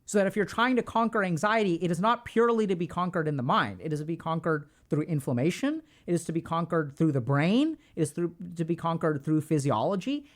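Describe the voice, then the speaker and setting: Middle-aged guy explaining stuff to his stream chat, pitch bouncing all over, punchy repeats. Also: fairly quick, hardly any pauses. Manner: lively, emphatic, repeats phrases for stress; informal, talks to chat directly. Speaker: streamer host discussing mental health. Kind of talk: casual livestream lecture to chat.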